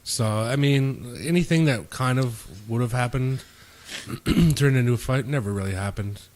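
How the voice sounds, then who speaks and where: At a measured pace, with a darkish tone and medium pitch, a young man hosting a podcast rambles through a lengthy, profane story from a bar. In casual chat he acts out others' quotes.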